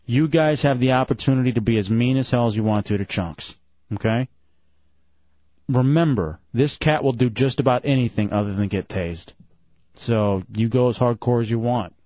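A man's voice: medium pitch, moderate pace, darkish tone, dry recording. A man hosting a radio show with brash, crude, joking banter in a studio. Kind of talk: casual talk-radio banter. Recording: dull lo-fi radio broadcast.

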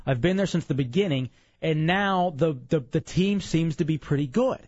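A man's voice: on the high side, moderate pace, a little mellow. A tired young man from Dallas, hosting a casual chat show in a rambling, joking way. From Dallas, Texas. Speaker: podcast host. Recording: dull lo-fi, dry room.

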